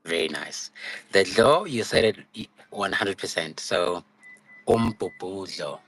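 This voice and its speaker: Low-voiced man patiently coaching pronunciation. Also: lively intonation, fairly bright tone, faint music behind, low-quality recording. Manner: patient, repeats words slowly, laughs easily. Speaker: isiZulu language tutor. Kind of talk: casual live-stream language lesson. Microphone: phone.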